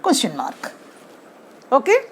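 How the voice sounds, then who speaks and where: A woman's voice: high-pitched, huge pitch swings, slight background noise. A woman teaching grammar to her class, speaking, stressing words and asking the class questions. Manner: slow, emphatic, asks the class questions. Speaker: English teacher.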